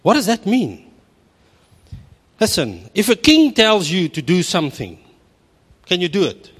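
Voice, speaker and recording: A middle-aged South African man preaching a sermon, telling stories with an animated, humorous delivery. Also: high voice, unhurried, husky, big-room sound.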